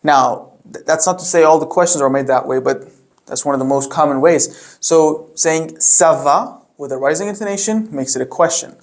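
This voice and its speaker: A man's voice: fairly high pitch, fairly quick. A young man teaching a beginner language lesson in a patient, casual way, with many fillers. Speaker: French teacher.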